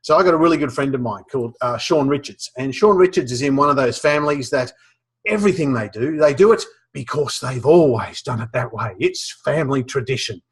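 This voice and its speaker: A man's voice: mid-range voice, expressive, fairly quick, slightly rough. An Australian man presenting a webinar, telling a funny story with lots of restarts and fillers. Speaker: professional speaker teaching a webinar.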